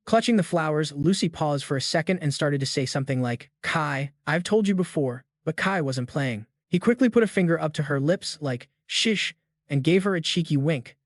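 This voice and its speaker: A man's voice: on the high side, expressive, fairly quick, hardly any pauses, no echo, clean studio sound. A man narrating a comic recap in a casual, slang-heavy way.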